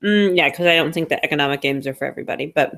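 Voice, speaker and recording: A woman's voice: low-pitched, very fast, a bit bright. A woman co-hosting a podcast, talking in an easygoing, self-deprecating way. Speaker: podcast co-host. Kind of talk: casual chat.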